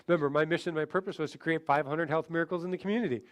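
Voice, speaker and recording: A man giving a sales training seminar, animated, acting out short client conversations as he teaches. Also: fairly high pitch, very fast. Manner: animated, acts out client dialogue. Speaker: seminar speaker.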